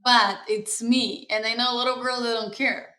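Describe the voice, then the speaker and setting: A woman guest in casual chat, blunt and halting, sometimes searching for her words. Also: a little high, steady tone, bright, forceful tone, echoey room. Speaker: podcast guest.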